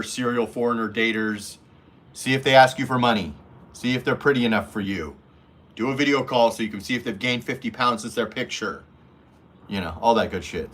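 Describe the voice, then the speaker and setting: Answering chat on his livestream, this host speaks at a medium pitch with a bright, forward edge. He's blunt and swears a lot, keeps things casual and crude, and now and then imitates the people he's describing.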